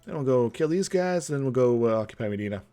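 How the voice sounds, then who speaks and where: A young man streaming a strategy game, thinking out loud in casual commentary, chuckling and humming to himself as he plays. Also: medium pitch, lively intonation, quick pace, clean tone, faint music behind.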